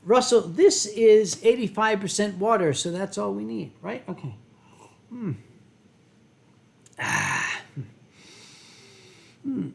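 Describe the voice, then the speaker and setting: Slow, rambling profane man in his fifties. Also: high-pitched, wildly swooping pitch, vocal fry. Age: 50s. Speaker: live-stream host answering chat. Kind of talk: casual live-stream chat while drinking wine.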